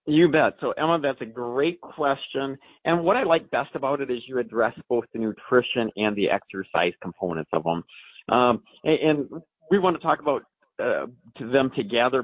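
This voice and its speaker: A man's voice: mid-range voice, lively intonation, normal speed, dry recording. A man in his forties, an expert answering a listener's question on a live show, talking in a folksy, explanatory way with plenty of fillers. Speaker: equine science expert. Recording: dry, phone-like line.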